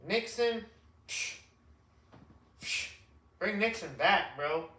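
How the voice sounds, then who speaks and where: A man's voice: high-pitched, lively intonation, slow, bright, forceful tone. A man hosting an unscripted podcast, talking in an emphatic, slangy, rambling way. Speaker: podcast host. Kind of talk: unscripted casual chat. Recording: echoey room, distant mic.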